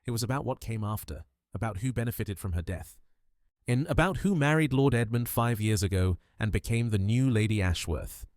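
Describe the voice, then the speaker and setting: Shrewd fussy belgian detective, a guy reading it, gentle but unrelenting, lively swoopy lines, dry close sound. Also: mid-range voice, a little fast, no echo, lightly acted. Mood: accusing. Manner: gentle but implacable, sprinkles French phrases. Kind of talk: audiobook character voice.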